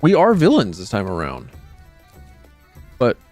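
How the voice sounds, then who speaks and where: A man's voice: on the low side, wildly swooping pitch, measured pace, a little mellow, faint music behind. A man streaming a video game, giving rambling, sarcastic commentary with frequent restarts. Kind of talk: casual gameplay commentary.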